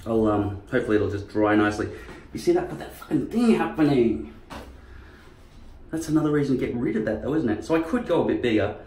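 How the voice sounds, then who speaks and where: A man's voice: medium pitch, expressive, fast, darkish tone, slight background noise. A man vlogging in casual chat, rambling and profane. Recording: echoey room.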